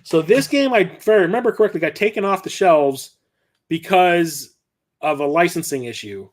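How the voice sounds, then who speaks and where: Middle aged guy rambling through a story on his stream, slightly high voice. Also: expressive, moderate pace. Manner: rambling, conversational storytelling with frequent restarts. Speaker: host. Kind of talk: casual livestream chat.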